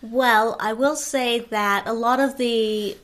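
A woman co-hosting a podcast in casual chat, relaxed and wry. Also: on the high side, slow. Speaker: podcast co-host.

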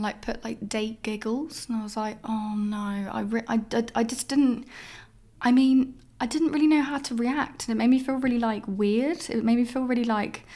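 A woman's voice: on the high side, vocal fry, darkish tone. Candid rambling woman podcaster. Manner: candid, rambling, heavy use of "like". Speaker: podcast host. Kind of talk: casual solo podcast monologue. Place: her flat.

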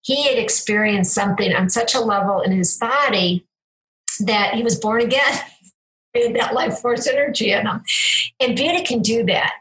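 A woman's voice: fairly high pitch, normal speed, a bit bright, poor audio. Woman, ex-hospital chaplain, conversational guest; sincere, spiritual, rambling delivery. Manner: earnest, spiritual, meandering with frequent restarts. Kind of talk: casual conversational storytelling.

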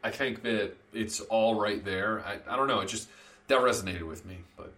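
A man's voice: fairly low pitch, normal speed, pushed and bright. A man co-hosting a film review podcast in casual chat, thinking aloud with restarts. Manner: hesitant, lots of restarts. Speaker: podcast host.

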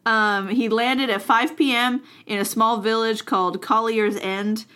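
A woman's voice: fairly high pitch, fairly even intonation, a little slow, sharp tone, clear, resonant tone. A woman co-hosting a casual history podcast, telling the story in a chatty way with many fillers. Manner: chatty, many fillers, playful voices for quotes. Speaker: podcast co-host.

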